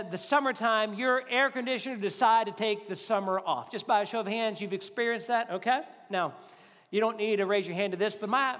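A male pastor preaching a conversational, animated sermon to a congregation, acting out quotes as he goes. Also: extremely high pitch. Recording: reverberant hall.

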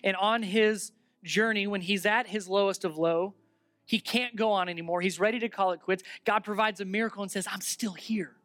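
A pastor delivers a sermon with animated, emphatic teaching. The voice sits at a middle pitch and keeps asking rhetorical questions. The recording is dry, with no room echo. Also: fairly quick.

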